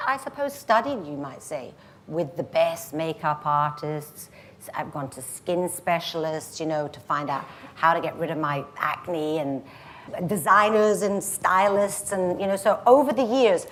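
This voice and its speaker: A woman in her sixties with a Glaswegian accent, chatting as a guest and telling stories in a lively, anecdotal way. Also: on the low side, a little slow. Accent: Scottish (Glaswegian). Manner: lively anecdotal storyteller who slips into voices. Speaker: guest, singer. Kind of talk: casual chat.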